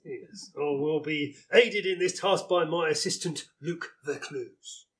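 A man's voice: on the high side, measured pace, fairly bright tone. An actor playing a pompous, bumbling police inspector in a live comedy sketch, blustering and stammering as he chuckles at himself.

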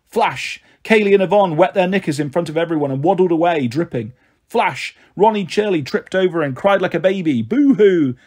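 A man reading a children's novel aloud as narrator, with expressive storytelling. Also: on the high side, fast, hardly any pauses. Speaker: audiobook narrator.

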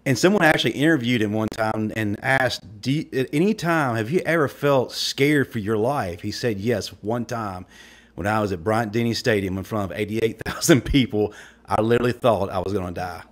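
A man co-hosting a casual sports chat, joking and animated. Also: fairly low pitch, moderate pace. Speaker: podcast co-host.

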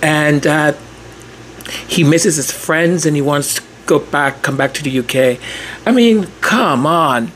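Unhurried, slightly high-voiced male vlogger. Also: a bit bright, slight background noise. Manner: chatty, leans on "like" and restarts. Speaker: commentary channel host. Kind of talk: casual vlog commentary.

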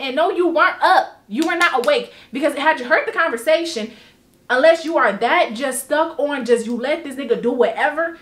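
A woman with a slightly high voice tells a story to her camera in a casual vlog. She talks in an animated, emphatic way and swears freely. Her voice carries a roomy echo. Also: brisk. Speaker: vlogger.

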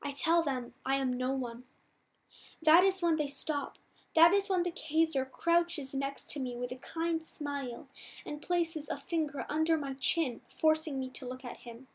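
A woman reading a novel aloud in the first person, measured and softly dramatic. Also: sits high. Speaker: audiobook reader.

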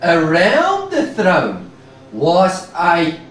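Male preacher, slow and emphatic, high-pitched, heard at a distance in a roomy hall. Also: huge pitch swings, a bit bright. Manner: emphatic, repeating key words, drawn-out phrases. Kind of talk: sermon. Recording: echoey room, mic at a distance.

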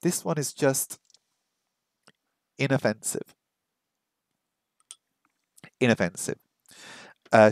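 Drilling phrases on a casual study stream, this language-learning streamer thinks out loud, repeats lines again and again, and pokes fun at himself. He speaks slowly in a mid-range voice and pauses often. The sound is dry and studio-clean, but his streaming microphone captures him faintly.

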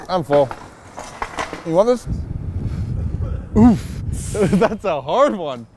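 A man from Chicago chatting casually on a lapel mic outdoors, excitable and profane, with loud bursts and frequent laughs. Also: high-pitched, extremely slow, background noise. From Chicago, USA. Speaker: scooter rider interviewed on a filming day. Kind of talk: casual chat while filming. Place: outdoors on city streets.

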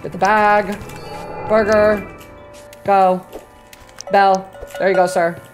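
A woman streaming a cooking game, excitable and foul-mouthed, talking to her chat and flaring into loud exclamations when flustered. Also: mid-range voice, slow, soft background music. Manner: excitable, swears a lot, talks to chat. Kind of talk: live gameplay commentary.

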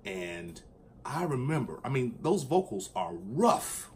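A man chatting casually and enthusiastically about his record collection, at times singing along in a high falsetto. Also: big pitch swings, slow pace, a little mellow, slight background noise. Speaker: vinyl collector vlogger. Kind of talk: casual chat.

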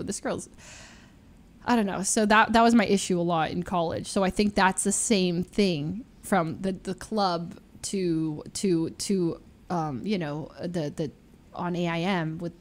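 A young adult woman streamer telling stories in casual chat, animated and full of fillers, acting out the voices she quotes. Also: fairly low pitch, unhurried.

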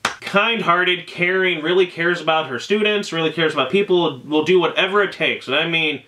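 A man's voice: a little high, normal speed, pushed and bright, a little hiss or hum. A young man reviewing an anime in a casual, emotional, rambling way, full of fillers and exclamations.

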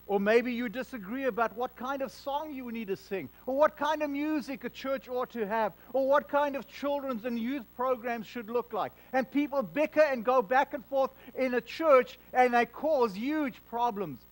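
Male preacher, high voice, earnest sermon, repeats words, goes quiet on solemn lines. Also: moderate pace, hardly any pauses, poor audio. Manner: earnest, repeats words when stressing a point. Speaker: pastor.

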